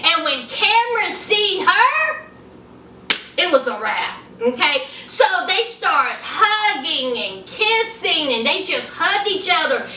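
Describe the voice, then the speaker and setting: A woman gushes over a TV show in a sassy, chatty way, sprinkling honey and child through her talk. Her voice sits very high and bright, swooping up and down while she takes her time. She sounds a bit off-mic in an echoey room. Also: sing-song, slow, far from the mic, a little hiss or hum. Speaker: show reviewer. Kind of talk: casual TV review chat.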